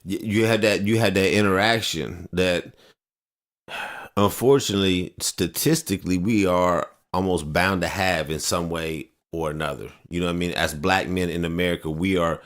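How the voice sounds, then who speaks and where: A man co-hosting a podcast, telling stories in relaxed, slangy casual talk. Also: sits low, moderate pace. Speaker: podcast co-host. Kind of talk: casual chat.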